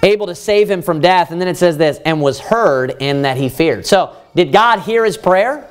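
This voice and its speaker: A man, a pastor, preaching a Bible study sermon, reading verses slowly and then explaining them in plain words, rising in force to stress his points. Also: expressive, clear, resonant tone. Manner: rises in pitch and force when stressing points.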